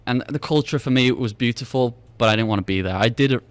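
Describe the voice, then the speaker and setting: A man's voice: medium pitch, fast talker, no echo. A young British man chatting as a podcast guest. He rambles through anecdotes, stumbles and restarts, and acts out each person's lines himself. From Britain. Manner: rambling storyteller who acts out dialogue with repeated restarts. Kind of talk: casual chat.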